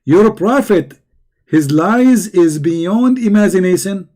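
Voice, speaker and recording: Combative, mocking man with a mellow voice. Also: sits high, animated, takes it slowly. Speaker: religious debate host. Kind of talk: live online debate commentary.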